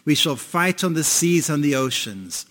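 A male pastor imitating a grave old British wartime statesman with slow, solemn oratory. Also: fairly high pitch, big pitch swings, a bit bright. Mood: defiant. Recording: long reverb in a hall.

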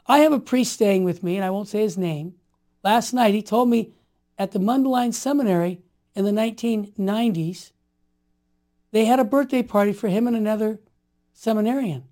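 A man in his sixties telling stories in an interview, emphatic and fervent, building to forceful outbursts. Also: high voice. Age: 60s. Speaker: guest. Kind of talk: impassioned storytelling in conversation.

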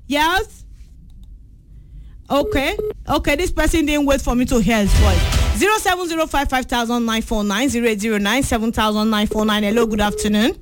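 A woman's voice: on the high side, a little fast, over music. A young Nigerian woman with a Yoruba-influenced accent hosting a call-in radio show, chatty and bubbly, slipping in and out of Yoruba. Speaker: radio presenter taking callers. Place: radio studio.

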